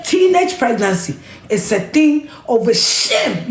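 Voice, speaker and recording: Speaking slowly in a fairly high voice with big pitch swings, a woman with a Ghanaian accent scolds passionately on camera in an echoey room. She's a media personality who hammers her points through repetition and slips into Twi and Ga.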